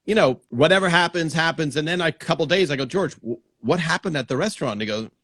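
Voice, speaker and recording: A man hosting a casual live-stream chat, reading out viewer questions in a relaxed way. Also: fairly high pitch, fast, dry recording. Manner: relaxed, reads viewer comments aloud. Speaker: host.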